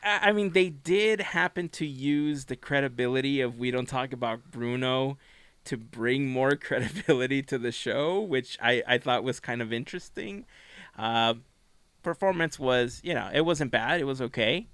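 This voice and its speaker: A man's voice: medium pitch, moderate pace, a bit bright, smooth, dry recording. A man co-hosting a podcast in easygoing casual chat, laughing often. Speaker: podcast co-host.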